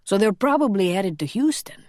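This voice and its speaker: A woman's voice: mid-range voice, animated, normal speed, darkish tone, dry recording, clean studio sound, natural voice. A woman voicing a cocky young male shapeshifter who teases his friend in joking, slangy banter.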